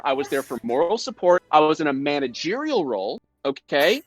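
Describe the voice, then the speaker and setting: Animated man telling set stories on a call. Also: a little high, a little fast, no room sound. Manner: animated storyteller, mock-indignant self-defense. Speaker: guest actor. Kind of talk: casual live commentary chat. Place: home, indoors. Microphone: video call.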